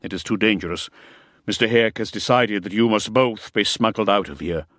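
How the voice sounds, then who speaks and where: A man's voice: deep voice, expressive, normal speed, no room sound, studio quality. A man doing a curt, nervous fixer. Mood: impatient. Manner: clipped, urgent orders. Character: nervous, sweating middle-aged male fixer, curt and commanding.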